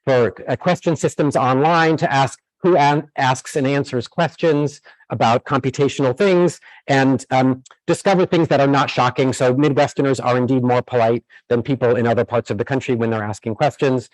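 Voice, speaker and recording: A man's voice: mid-range voice, normal speed, no room sound, poor audio. A man giving a university lecture who explains in steps, with many fillers and restarts.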